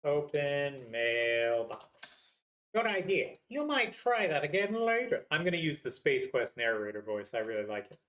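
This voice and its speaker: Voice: medium pitch, expressive, fairly quick, hardly any pauses, fairly bright tone, a little hiss or hum. A gamer playing an old adventure game and reading its text aloud, with wry, jokey asides. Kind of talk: let's play commentary, reading game text.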